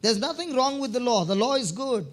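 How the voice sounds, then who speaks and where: A man's voice: very high voice, expressive, brisk. A man preaching a sermon, telling testimony stories, often checking in with his listeners and repeating words as he starts phrases.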